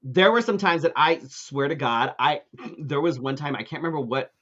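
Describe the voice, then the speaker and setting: A man's voice: a little high, moderate pace, a bit bright, muffled recording. A man co-hosting a live talk show, telling a ranting story in casual chat, full of fillers and swearing.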